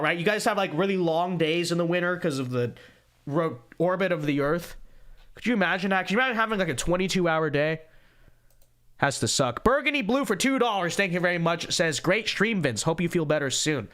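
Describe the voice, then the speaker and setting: A man's voice: high voice, pushed and bright. A young man hosting a podcast livestream, chatting casually and reading viewer messages with joking, sarcastic asides, tired but talkative. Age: young adult. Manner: joking, sarcastic, repeats catchphrases. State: fatigued. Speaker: podcast host. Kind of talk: casual livestream chat reading super chats.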